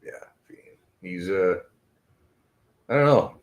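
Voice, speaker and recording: A Canadian man hosting a podcast, high and rambling in casual, profane chat with frequent laughs. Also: lively intonation, slow pace.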